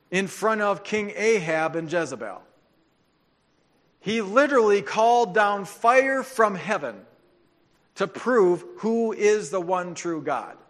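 Guy preaching, lively storyteller, cracks jokes, kinda high voice, long echo in a big church. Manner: animated storytelling with joking asides. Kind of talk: sermon. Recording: long hall reverb.

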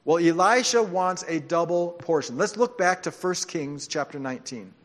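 A man preaching a sermon, telling the story in an animated way with joking asides. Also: fairly high pitch, moderate pace. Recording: long hall reverb.

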